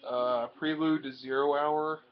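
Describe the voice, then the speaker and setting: A man's voice: a little high, steady tone, a little slow. Rambling man with a muffled lo-fi sound. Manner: rambling, with many ums and uhs. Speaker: comic book collector showing purchases. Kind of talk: casual show-and-tell vlog. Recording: dull lo-fi home recording.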